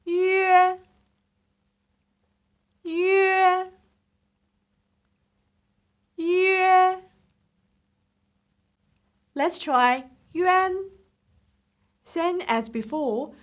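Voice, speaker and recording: A woman teaching Mandarin pronunciation, saying each syllable slowly and repeating it for the learner. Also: high voice. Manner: slow, drilled repetitions of syllables. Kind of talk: slow pronunciation lesson.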